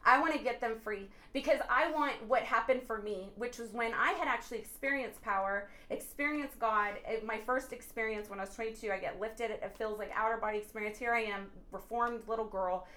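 Woman, high voice, animated, earnest, preachy, podcast faith testimony. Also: fairly quick, few pauses. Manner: animated, bursts into laughter and exclamations. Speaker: podcast guest. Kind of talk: excited faith testimony chat.

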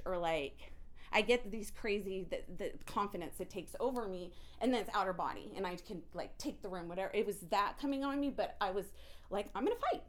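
A woman telling an emotional personal story in an intense, animated way, often restarting her sentences. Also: mid-range voice.

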